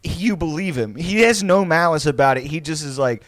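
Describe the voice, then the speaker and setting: A man's voice: a little high, fairly quick, no room sound. A man in his late twenties telling a rambling, profane story in casual chat and laughing through it. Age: 20s.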